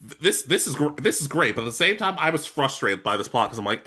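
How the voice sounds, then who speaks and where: A man co-hosting a casual review podcast, ranting in an exasperated, animated way. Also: mid-range voice, fast, husky. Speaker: podcast co-host.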